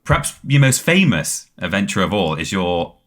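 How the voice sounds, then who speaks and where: A man co-hosting a comedy podcast, asking relaxed questions with small laughs. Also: low voice, normal speed. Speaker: podcast co-host. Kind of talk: casual comedic interview.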